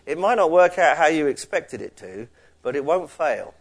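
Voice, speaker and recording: A man's voice: a little high, sing-song, normal speed. A man, a pastor preaching a conversational sermon that rises in emphasis on key points.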